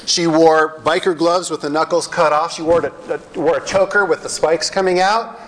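A middle-aged male pastor telling stories in a sermon, animated and wryly self-deprecating. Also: a little high, normal speed, a little hiss or hum, poor audio. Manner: animated storyteller with wry self-deprecating humor. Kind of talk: sermon storytelling.

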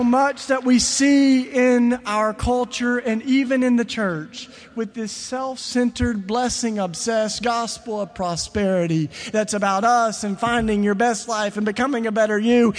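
A man preaching a sermon, moving from quiet storytelling to loud, passionate calls. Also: high-pitched, a little slow, in a large hall.

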